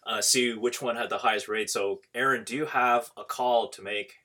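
A man's voice: medium pitch, fairly even intonation, moderate pace, pushed and bright. A man hosting a podcast in casual chat, rambling with many restarts and laughs. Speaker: podcast host.

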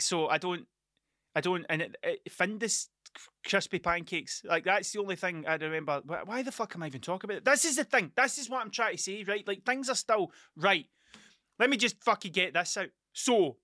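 A man's voice: a little high, pushed and bright, no room sound, clean studio sound. A middle-aged man, hosting a casual solo podcast and telling rambling, sweary stories that keep restarting themselves. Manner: rambling, sweary, self-interrupting storytelling. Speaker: podcast host.

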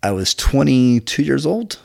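A middle-aged man from Scotland with a Scottish accent, telling stories from his life in a casual interview, halting and full of restarts. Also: sing-song, vocal fry. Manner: halting, many restarts, low and quiet asides. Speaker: podcast guest.

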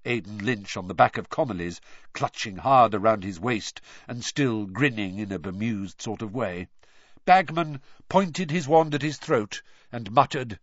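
A man reading a storybook aloud in an animated, expressive narration. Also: lowish voice, measured pace, no echo, muffled recording. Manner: animated, shifts voice for characters. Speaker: audiobook narrator.

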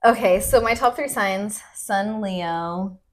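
A woman's voice: medium pitch, slow, slight background noise. Woman in her 20s, podcast guest, chatty and laughing as she tells a story. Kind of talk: casual storytelling chat.

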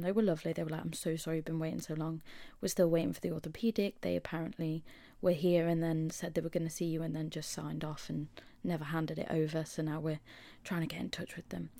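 Shaky young Englishwoman, gravelly and dry. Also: deep voice, warm tone, no echo. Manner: chatty storytelling, dips into whispers for quoted asides. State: shaky, unwell after hospital. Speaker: podcast host. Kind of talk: casual solo chat.

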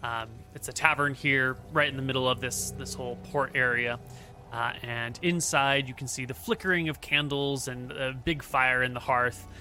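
A man's voice: mid-range voice, steady tone, normal speed, bright, forceful tone, soft background music. A man narrating a tabletop game as game master, describing scenes in a loose conversational way.

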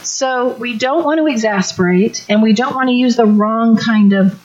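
A woman's voice: on the high side, moderate pace, hardly any pauses, darkish tone. A middle-aged woman giving an earnest, direct church teaching talk at a parenting workshop. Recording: dull lo-fi recording.

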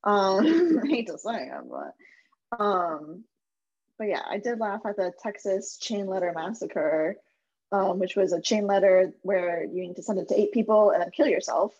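A woman's voice: medium pitch, very animated, a little slow, darkish tone, dull audio. A woman co-hosting a casual chat, chatty and giggly, acting out her own reactions. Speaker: podcast co-host. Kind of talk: casual chat reviewing a comedy show.

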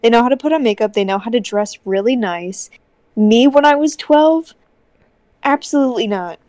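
Chatty young woman with a higher voice. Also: normal speed, darkish tone, dry recording. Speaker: podcast co-host. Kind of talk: casual chat.

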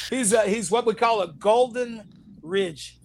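Animated high-voiced man telling stories. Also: takes it slowly, slight background noise. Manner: animated storyteller, laughs often, acts out quotes. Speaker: interview guest, actor. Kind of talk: casual storytelling interview.

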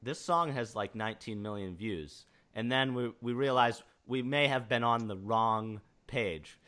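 A man's voice: medium pitch, a little slow, pushed and bright. A young American man co-hosting a casual chat, rambling and laughing often as he asks questions. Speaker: podcast co-host.

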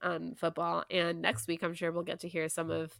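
A young woman, co-hosting a casual podcast chat, animated and full of "like" and "you know". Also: lowish voice, normal speed, gravelly, no room sound. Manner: chatty and animated, many "like" and "you know" fillers. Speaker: podcast co-host.

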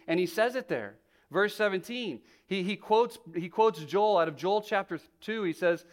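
A male pastor with a notably high voice preaches in an easy, conversational way. He often stumbles and restarts phrases as he thinks aloud, walking his listeners through the text. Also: lively intonation, normal speed. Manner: conversational storytelling with many restarts. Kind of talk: sermon.

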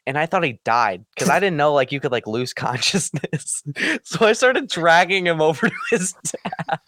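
A man telling a story in casual chat with friends, animated and acting out quoted lines. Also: moderate pace, dry recording, clean studio sound. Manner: animated, acts out quotes with big pitch jumps. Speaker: podcast co-host.

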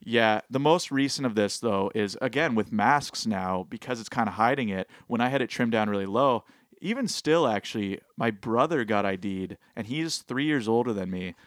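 Young Canadian male podcast co-host, easygoing, agreeable, lowish voice, dry sound. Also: expressive, moderate pace, no echo. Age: 20s. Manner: laid-back, agreeable, many short yeahs. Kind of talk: casual chat.

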